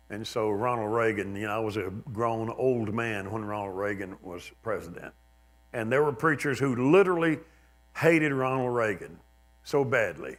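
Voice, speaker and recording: In a church sanctuary, a pastor in his seventies delivers a sermon in a conversational, self-deprecating manner. His voice is medium-pitched and fairly bright, and now and then he mimics other people with a raised, emphatic tone.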